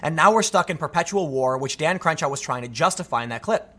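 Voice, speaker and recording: A man's voice: on the high side, lively intonation, fast, bright, forceful tone. A man giving political commentary, reading news aloud and reacting emphatically with disbelief.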